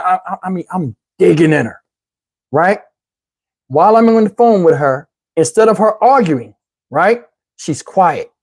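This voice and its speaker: Man, middle-aged, stand-up storytelling, husky, very lively pitch, loud bursts. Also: moderate pace. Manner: animated, loud outbursts, acts out quotes. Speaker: comedian.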